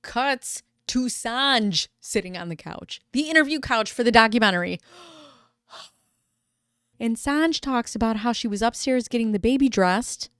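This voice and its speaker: A young adult woman retelling a story in a casual, dramatic and expressive way. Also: fairly high pitch, unhurried, clear, resonant tone, no echo, studio quality. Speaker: video commentator.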